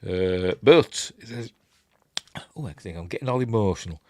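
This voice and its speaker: A man's voice: fairly low pitch, expressive, moderate pace, a little mellow, no echo. A man with a Yorkshire accent giving a casual, rambling film commentary, full of chuckling asides and playful character impressions. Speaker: film reviewer.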